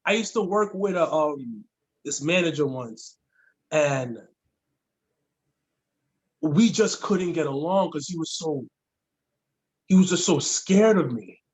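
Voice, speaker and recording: Blunt, passionate man with a higher voice. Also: animated, takes it slowly, long pauses, slightly rough. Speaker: podcast guest. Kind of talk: casual chat.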